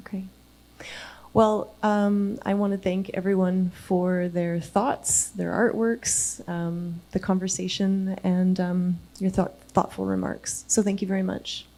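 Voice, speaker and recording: A woman's voice: mid-range voice, dark tone, rough recording. Polite woman panel moderator. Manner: polite, gracious. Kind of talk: closing a panel.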